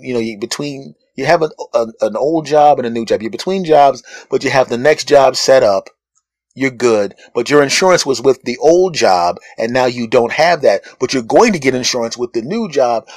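A man's voice: no echo, studio quality. A man hosting a podcast, telling a comic story about being judged and acting out the people in it. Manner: animated, acts out other people in high mocking voices. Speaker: podcast host. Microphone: phone.

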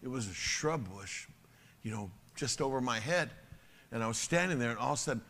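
A man preaching a sermon as a pastor, telling stories in an animated way and swinging from loud to hushed. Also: mid-range voice, a little fast, creaky, slight background noise.

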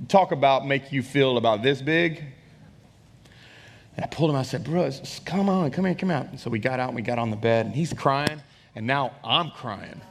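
A man preaching in a church, storytelling from the pulpit and sometimes shouting in the quoted moments. His voice sits in the middle range. A long hall reverb trails each phrase. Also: mid-range voice. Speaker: pastor. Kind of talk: sermon.

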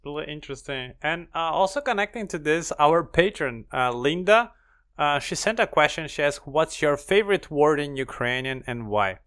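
A man hosting a podcast, asking clear, measured interview questions. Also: fairly high pitch, animated, a bit bright. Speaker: podcast host.

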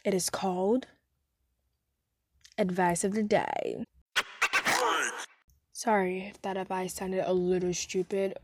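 A woman's voice: mid-range voice, flat delivery, takes it slowly, pauses often, heavy background noise. A young woman hosting a casual solo podcast, rambling and self-deprecating, recorded on a phone with wired headphones. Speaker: podcast host. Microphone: phone voice recorder app with wired headphones.

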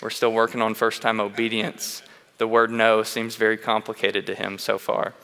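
A man's voice: on the low side, monotone, moderate pace, a bit bright, smooth. A man preaching a sermon in a church, telling candid personal stories in an earnest way and often restarting his sentences. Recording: long reverb of a large hall.

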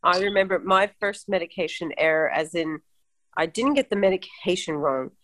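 A woman's voice: fairly low pitch, moderate pace. A woman who works as a midwife talks casually about her job. She tells stories expressively and acts out the people in them. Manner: expressive, animated storytelling. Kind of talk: casual chat.

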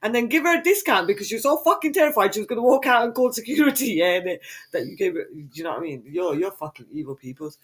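A woman's voice: mid-range voice, lively intonation, fast, few pauses, husky. A woman co-hosting a podcast, swearing and trading mock insults in casual banter. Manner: sweary, teasing, mock-aggressive. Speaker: podcast co-host.

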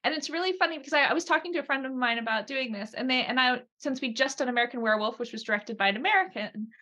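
British woman co-host, bright voice, chatty, asks questions. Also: sits high, animated, very fast. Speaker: podcast co-host. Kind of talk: casual film discussion.

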